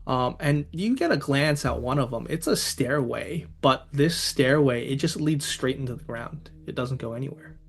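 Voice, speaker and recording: Guy gm with a gravelly voice, slow creepy scene narration. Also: mid-range voice, animated. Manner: slow, dramatic scene-setting. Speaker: game master. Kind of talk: narrating a tabletop horror game.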